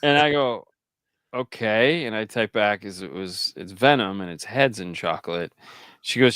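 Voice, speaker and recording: A man co-hosting a casual chat show, telling stories with lively quoted voices. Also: fairly low pitch, moderate pace, smooth, dry recording, clean studio sound. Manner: animated storyteller, jumps into quoted voices. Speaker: podcast co-host.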